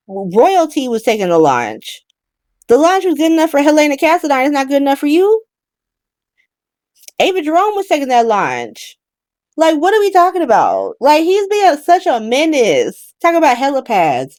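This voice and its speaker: A woman hosting a casual soap opera recap, talking in an animated, profane way with laughing asides. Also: high voice, normal speed, no room sound, clean studio sound.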